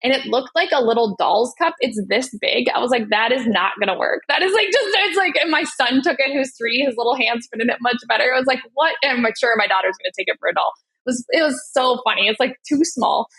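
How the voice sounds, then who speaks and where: Fast-talking breathy woman. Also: fairly high pitch, poor audio. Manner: rambling, animated storytelling. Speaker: guest, nonprofit CEO. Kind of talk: casual interview chat.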